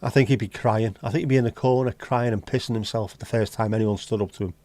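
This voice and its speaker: This livestream host has a Liverpool accent and a fairly low, warm voice, talking fast in a steady tone. In casual chat with viewers, he's blunt, bantering and swears.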